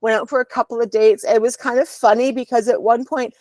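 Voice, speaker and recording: A woman's voice: a little high, fairly even intonation, brisk, darkish tone, dry recording. A woman, a podcast guest, candidly telling a personal story at home over a video call, with a rambling flow and frequent ums.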